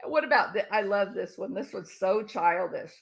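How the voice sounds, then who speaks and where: A woman's voice: mid-range voice, expressive, moderate pace, gravelly, husky. A woman YouTube commentator talking in a casual, sarcastic way and laughing often.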